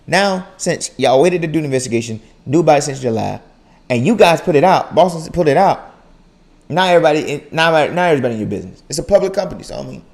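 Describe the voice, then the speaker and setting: A young man hosting a casual reaction video, talking in an animated way and repeating phrases for emphasis. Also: on the high side, fast talker, creaky. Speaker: YouTube reaction host.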